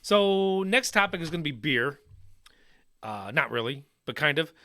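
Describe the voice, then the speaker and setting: A man co-hosting a podcast, playful and jokey. His high voice swings widely in pitch and sounds bright. The recording is close and dry. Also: lively intonation, normal speed, no echo. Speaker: podcast co-host. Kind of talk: casual podcast banter.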